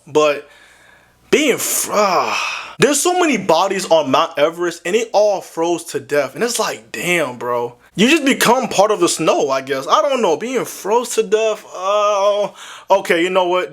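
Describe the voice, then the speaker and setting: Lively, animated young man. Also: high voice. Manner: animated, excitable, slangy, exclaims often. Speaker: gaming video host. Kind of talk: casual commentary to camera.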